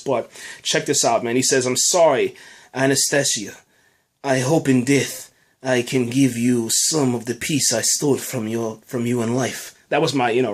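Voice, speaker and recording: A man hosting a casual review podcast, rambling with lots of fillers and restarts and saying "man" a lot. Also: medium pitch. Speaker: podcast host reviewing a TV episode.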